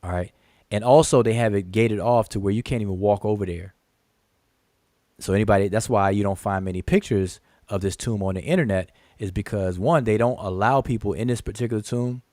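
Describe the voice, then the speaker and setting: Low-voiced guy talking over his screen, emphatic, repeats himself a lot, dry close sound. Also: brisk, darkish tone, dry recording. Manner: emphatic, repeats words, points things out, counts aloud. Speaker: channel host teaching hieroglyphs. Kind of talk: screen-share lesson with rebuttal.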